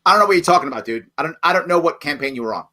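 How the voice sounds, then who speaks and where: A man's voice: on the high side, lively intonation, racing, bright, forceful tone. A man talking bluntly and emphatically as a candidate in an online question session over a video call. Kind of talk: lively campaign talk.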